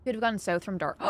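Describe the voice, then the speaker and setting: A young woman streaming a game live, chatting casually and dramatically with her viewers, swinging from excitement to mock sadness. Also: mid-range voice. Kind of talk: casual live-stream chat while gaming. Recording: faint music behind.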